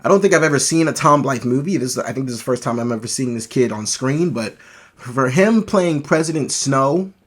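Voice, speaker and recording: A man talks through a movie review in a casual, unscripted way. He gets excited and rambles, often stopping to restart or correct himself. His voice sits at an ordinary middle pitch. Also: fairly quick. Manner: enthusiastic, rambling with frequent restarts.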